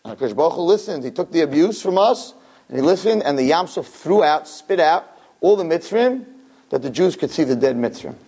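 A man giving a Torah class to a room of listeners, reading Hebrew verses and translating them, animated and acting out the dialogue. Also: brisk, breathy edge. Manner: animated, acts out dialogue with big pitch swings. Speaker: Torah teacher. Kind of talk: Torah class lecture to a live audience.

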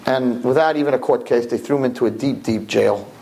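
A man's voice: mid-range voice, fairly quick, creaky. A man teaching a Torah class, telling a story animatedly and mixing in Hebrew and Yiddish terms. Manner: animated, swinging from hushed to loud exclamations.

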